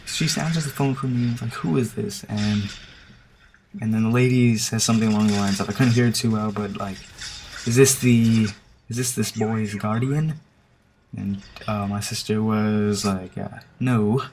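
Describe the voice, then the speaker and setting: A man's voice: on the low side, poor audio. A man casually telling a story over game footage as a gaming commentator, rambling and hesitant with lots of filler words. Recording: steady background hiss with clicking.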